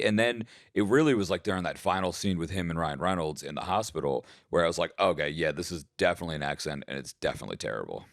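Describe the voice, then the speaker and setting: Deep voiced guy cohosting a movie podcast, talks it through, dry mic. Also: expressive, quick pace, few pauses, dry recording. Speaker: podcast co-host. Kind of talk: casual chat.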